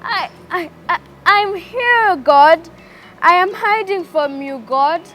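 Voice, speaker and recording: A woman's voice: high-pitched, sing-song, slow, voice pushed up, full character voice. A woman voicing a timid, fearful first man in a children's story, stammering and exclaiming anxiously.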